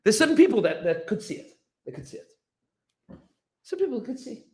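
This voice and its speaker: A man's voice: very high voice, a little fast, reverberant, low-quality recording. A man, a rabbi, teaching an informal Torah class, telling stories with lots of fillers and restarts and acting out the quoted lines. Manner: animated storyteller, many fillers and restarts, acts out quotes. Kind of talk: informal Torah lesson with storytelling.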